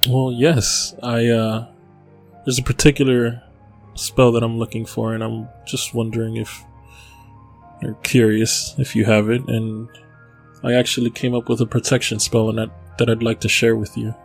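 A man's voice: medium pitch, little pitch movement, moderate pace, vocal fry, slightly rough, faint music behind. A man voicing a polite, hesitant male wizard adventurer in a tabletop game.

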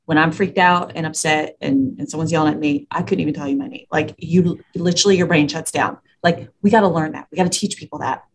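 With her deep voice, she talks fast and hardly pauses, over a little hiss or hum. She's a school administrator and parenting educator in a casual interview about working with children and their parents. Her storytelling is animated, and she acts out each exchange.

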